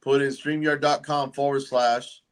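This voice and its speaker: A man's voice: mid-range voice, flat delivery, a little slow, clear, resonant tone. Joking man hosting a livestream. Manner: loose, joking, talks to chat and guests. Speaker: livestream host. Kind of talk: casual livestream chat.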